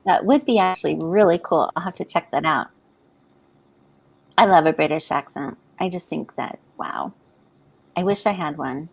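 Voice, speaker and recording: A woman's voice: deep voice, normal speed, gravelly, long pauses, husky. A woman co-hosting a writing livestream, chatting casually and reading out viewer comments.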